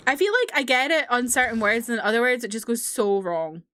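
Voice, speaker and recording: Woman streamer with quick, laughing asides. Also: fairly high pitch, expressive, fairly bright tone, no room sound. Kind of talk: casual gaming commentary.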